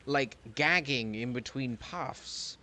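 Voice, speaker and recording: A man's voice: medium pitch, takes it slowly, pushed and bright. A man in a casual tabletop role-play session, exasperated and swearing freely as he narrates his own actions.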